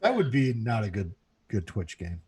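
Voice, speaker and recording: A man's voice: lowish voice, sing-song, normal speed, warm tone, husky. A man running a tabletop game, reading out event cards with dry humor in casual banter.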